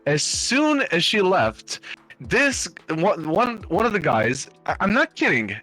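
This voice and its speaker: A man's voice: sits high, sing-song, takes it slowly, sharp tone, soft background music. A man casually telling a long anecdote on a live stream, rambling with lots of fillers and restarts and swearing freely. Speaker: stream host.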